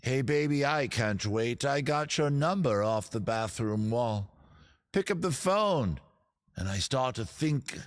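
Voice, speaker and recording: A middle-aged man putting on an over-the-top British accent as a pompous poet, reciting in a low, theatrical poetry voice. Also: lively intonation, takes it slowly, no echo. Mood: grandly theatrical. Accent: put-on British. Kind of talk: comic dramatic poetry reading.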